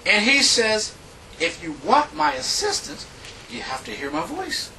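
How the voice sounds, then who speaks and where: A man preaching a sermon, reading scripture in an emphatic, drawn-out way with big rises and falls in pitch. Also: sing-song, creaky, sharp tone, far from the mic, a little hiss or hum, low-quality recording.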